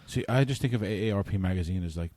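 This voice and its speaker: Man, co-host, low voice, fast, rambling casual chat. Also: a little mellow, no room sound. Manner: rambling, full of "like" fillers. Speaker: podcast co-host.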